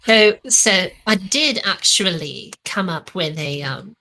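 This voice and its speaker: A woman's voice: medium pitch, animated, takes it slowly, sharp tone, slight background noise. A woman guest in a casual stream chat, playful and teasing.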